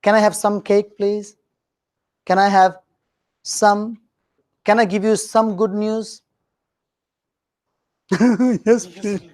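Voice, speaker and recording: A man teaching a grammar lesson in a classroom, animated and joking with his students. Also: high-pitched, takes it slowly, long pauses. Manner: animated, joking with students, mixes in Hindi phrases.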